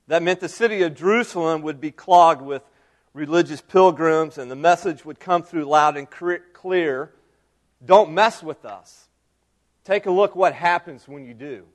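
A middle-aged male pastor delivers a sermon in a high-pitched voice. He tells the story dramatically, rising to loud cries and then falling to hushed, near-whispered lines. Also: unhurried.

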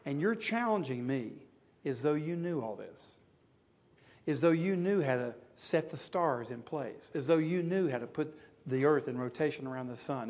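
A man preaching a sermon, swinging from loud, rising rhetorical questions to quiet, hushed passages. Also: a little high.

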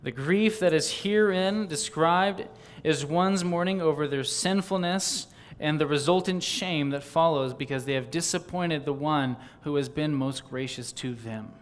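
His voice sits fairly high and his pace is unhurried as he preaches a sermon. He reads old diary passages aloud and builds fervent, rhythmic lists, his delivery rising on exclamations and lists.

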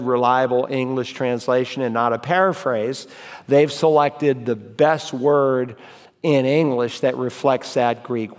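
A man leads a Bible class in an easygoing, conversational manner, repeating key phrases and reading verses aloud to demonstrate the method. His voice sits at a medium pitch, and the recording carries the echo of a reverberant hall.

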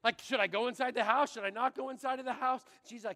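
A man from Canada, a pastor, giving a sermon through animated, exaggerated storytelling. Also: very high-pitched, brisk, hardly any pauses, big-room sound. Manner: animated, exaggerated storytelling that turns quiet and earnest.

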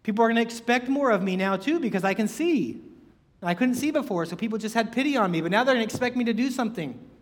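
A man's voice: extremely high pitch, animated, quick pace. A man voicing a formerly blind beggar who worries over how to provide for himself, in a long hall reverb. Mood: worried.

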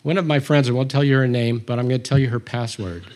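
A man's voice: medium pitch, steady tone, fast, a little mellow. A man teaching a Bible study, reading scripture aloud and commenting on it with humor.

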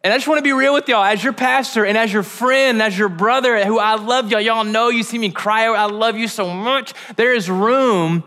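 A man with a lilt preaches to his church in a relaxed, joking way, like he's chatting with friends. His voice is bright and a touch high. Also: moderate pace, hardly any pauses. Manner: casual, joking, conversational preaching. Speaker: pastor. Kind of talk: sermon. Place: church sanctuary.

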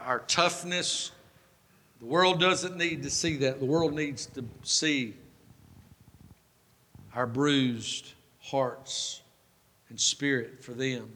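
A pastor preaching a sermon, folksy and self-mocking, building to fervent preaching. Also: male voice, a little high, pushed and bright. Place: church sanctuary. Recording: long hall reverb.

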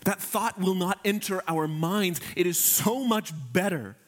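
A man preaching a sermon as pastor, earnest and emphatic, slowing down on key phrases and addressing his congregation directly. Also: high-pitched.

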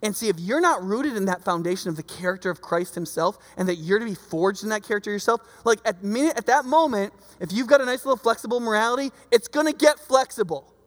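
Lively preacher chatting through a sermon, doing little voices, big echoey hall. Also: mid-range voice, fast talker, few pauses. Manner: animated, acts out quoted voices. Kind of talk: conversational sermon. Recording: long reverb of a large hall.

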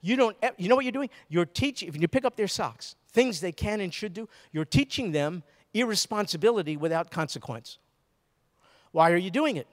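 A man's voice: high-pitched, expressive, a little fast. An older man preaching a sermon in a conversational way, telling stories and asking rhetorical questions. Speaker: pastor. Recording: hall with long reverb.

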